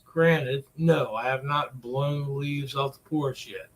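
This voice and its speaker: A man's voice: medium pitch, slow pace. A man ranting to camera in an exasperated, repetitive way, cursing often as he vents. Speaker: vlogger. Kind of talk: profane venting rant to camera.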